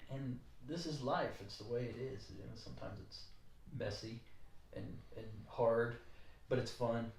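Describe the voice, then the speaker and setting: A middle-aged man hosting a podcast, talking in a rambling, animated way with jokey asides. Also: medium pitch, unhurried, vocal fry, distant mic, slight background noise. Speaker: podcast host. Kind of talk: casual interview chat. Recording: roomy, from off mic.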